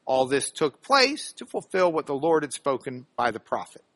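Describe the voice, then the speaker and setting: A man teaching scripture for a radio broadcast, dramatic with sudden loud emphasis and chatty asides asking if listeners follow. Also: mid-range voice, very animated, normal speed, no room sound. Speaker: Bible teacher.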